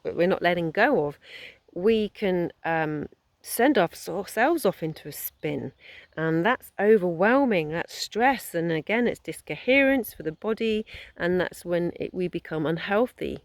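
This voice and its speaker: A woman's voice: on the low side, animated, unhurried, no echo. A woman, a holistic therapist giving a conversational wellness talk that rambles and encourages, with many fillers and restarts.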